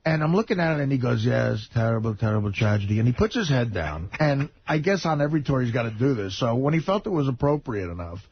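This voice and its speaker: A man telling comic stories on a radio talk show, his voice jumping up when excited. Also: mid-range voice, quick pace, few pauses, husky. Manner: animated comic storyteller, voice jumps up when excited. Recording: dull lo-fi radio broadcast sound.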